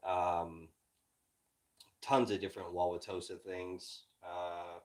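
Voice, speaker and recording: A man originally from Illinois, hosting a livestream and ranting in frustration, heavy with profanity and swinging from low muttering to loud outbursts. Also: level tone, slow pace, poor audio. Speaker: livestream host and independent journalist.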